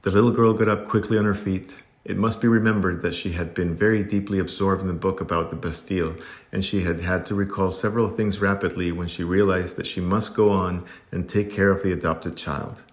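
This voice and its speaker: A man reading a classic storybook aloud in an even, unhurried narrating manner. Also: sits low. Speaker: audiobook narrator.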